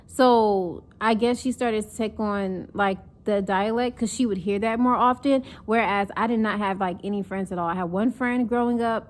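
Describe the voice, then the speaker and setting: A young woman from North Carolina chatting casually in a vlog, reflective and rambling, with many fillers. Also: a little high. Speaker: vlogger.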